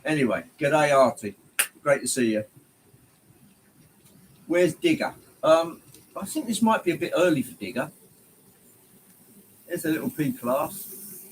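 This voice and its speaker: A man's voice: fairly high pitch, expressive, a little slow, pauses often, slight background noise, rough recording. Chatty man hosting a livestream. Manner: rambling and friendly, greeting viewers by name, many ums. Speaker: livestream host. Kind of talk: casual livestream chat. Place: home hobby room, indoors.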